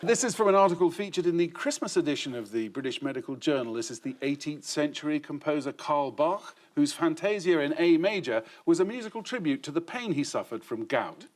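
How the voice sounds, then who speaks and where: A man guest-hosting a comedy news quiz in a TV studio, reading questions with dry, deadpan punchlines. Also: a little high, fairly quick, hardly any pauses. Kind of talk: scripted panel-show hosting. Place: TV studio with live audience.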